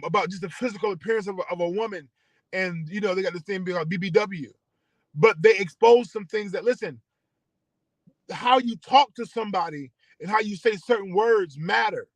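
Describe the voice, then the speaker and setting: Earnest high-voiced man rallying listeners. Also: no echo, rough recording. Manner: earnest, preacher-like repetition. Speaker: internet radio station host. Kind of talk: passionate community address.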